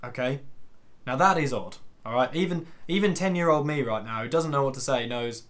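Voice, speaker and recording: A man's voice: medium pitch, a little fast, fairly bright tone. A young man in his twenties telling a self-deprecating story for his vlog, rambling with fillers and asides. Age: 20s. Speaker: YouTuber.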